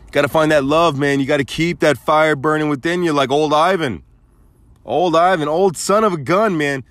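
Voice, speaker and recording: A podcast host rambles through a crude, joking monologue, telling stories in an animated way. His voice sits a little high, his pace is moderate, and there's no echo.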